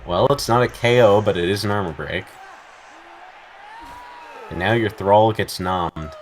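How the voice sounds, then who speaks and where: A man's voice: lowish voice, unhurried, a little hiss or hum. A man casually commentating his own video game match, joking dryly and talking to his game pieces. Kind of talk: casual gameplay banter.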